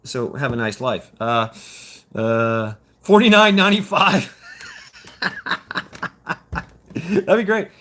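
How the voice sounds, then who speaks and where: A man's voice: mid-range voice, sing-song, very slow, pauses often. A man of fifty rambling through a casual livestream chat, cursing freely and stumbling over repeated words. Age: 50s. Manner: rambling, profane, repeats words and restarts often. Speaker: livestream host reading chat.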